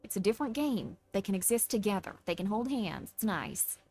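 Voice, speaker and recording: A woman hosting a live stream, chatting casually in a bubbly, excitable, playful way. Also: mid-range voice, fairly quick. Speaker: streamer host.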